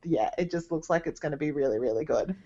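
Chatty woman, lowish voice. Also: fast, mellow, lo-fi sound. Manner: chatty, often agrees with "yeah, exactly". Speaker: podcast co-host. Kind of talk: casual chat.

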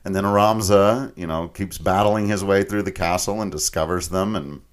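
Low-voiced man recapping a game, laughing. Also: normal speed. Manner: laughing often, animated retelling with mock voices. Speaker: podcast co-host. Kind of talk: casual chat recapping a video game story.

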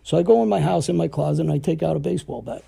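A man's voice: on the high side, rapid-fire, creaky, dark tone, husky. A man telling stories casually, rambling and acting out the dialogue he quotes. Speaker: podcast storyteller. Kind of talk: casual storytelling.

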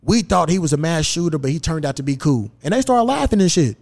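A man's voice: a little high, fast talker, gravelly. A man hosting a podcast, telling a story in casual, profane chat and acting out the dialogue. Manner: profane, animated, acts out quoted dialogue. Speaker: podcast host. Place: podcast studio.

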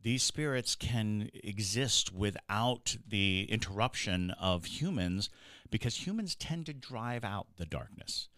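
A man's voice: fairly low pitch, lively intonation, slow pace, fairly bright tone, no echo, clean studio sound. A man co-hosting a podcast, chatting casually and rambling with fillers and restarts as he tells stories. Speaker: podcast co-host.

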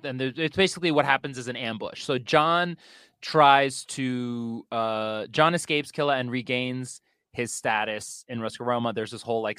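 A man's voice: medium pitch, a bit bright, clean tone, no room sound, studio quality. A man casually retelling a film plot as a podcast host, with lots of fillers and sarcastic asides. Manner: chatty, sarcastic, filler-heavy storytelling. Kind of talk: casual chat.

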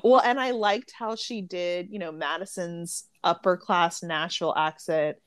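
A woman's voice: on the low side, steady tone, a little slow, clear, resonant tone, no room sound. Chatty opinionated woman, dry sound. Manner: chatty, opinionated, laughs often. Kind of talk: casual book review chat.

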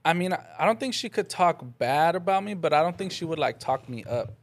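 A man's voice: a little high, lively intonation, fairly quick. A man in a casual podcast chat, laid-back and hedging. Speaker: podcast co-host.

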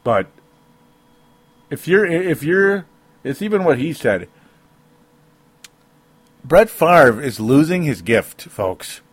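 A man's voice: a little high, very animated, slow pace, long pauses, husky, no room sound. A man giving a solo sports opinion podcast, rambling and interrupting himself with frequent rueful laughs. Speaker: sports commentator.

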